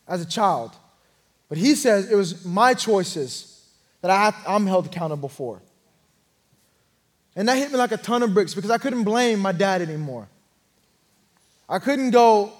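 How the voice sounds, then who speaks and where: A young man preaching an earnest sermon testimony, telling his story and swelling louder at key moments. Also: sits high, lively intonation, normal speed, long pauses.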